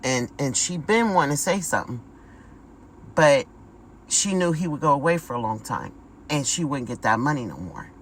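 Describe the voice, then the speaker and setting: A woman's voice: very deep voice, animated, normal speed, a little hiss or hum, poor audio. A woman giving a casual spiritual vlog monologue, talking emphatically, repeating words and calling her viewers y'all. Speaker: spiritual vlogger.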